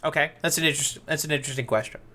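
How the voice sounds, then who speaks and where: A bright, forceful male voice with a slightly high pitch, chatting loosely as a podcast host. He talks in an animated, playful way, full of filler words, and he sounds like he is on a video call. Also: very fast. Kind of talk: casual chat.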